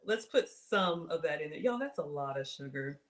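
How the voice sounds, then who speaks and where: A woman with a Southern US accent hosts a casual cooking livestream from her home kitchen, chatting with viewers and poking fun at herself. Her voice is low and animated, and she speaks at a moderate pace.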